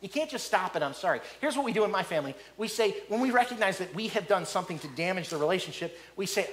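A middle-aged man preaching a sermon as a pastor, animated, often repeating words and acting out the people he quotes. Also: high voice, quick pace.

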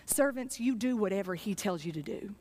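A woman's voice: medium pitch, lively intonation, a little fast, darkish tone, pitched below the performer's own voice, natural voice. A woman preacher voicing Mary as a heartfelt mother urging her son on, in an earnest storytelling voice.

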